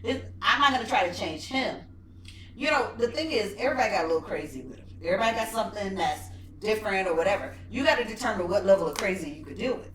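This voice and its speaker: A woman's voice: medium pitch, fast talker. A woman co-hosting a podcast, chatting casually and acting out quoted remarks. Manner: animated, acts out quoted remarks. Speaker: podcast co-host. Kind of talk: casual chat. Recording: echoey room, mic at a distance, faint noise.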